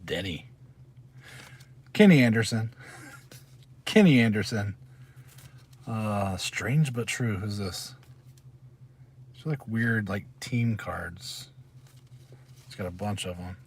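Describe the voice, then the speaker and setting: A man's voice: on the low side, takes it slowly, long pauses, slight background noise. Chatty man rambling in a parked car. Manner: chatty, rambling, reads out names while sorting cards. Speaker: channel host. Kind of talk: casual live-stream chat.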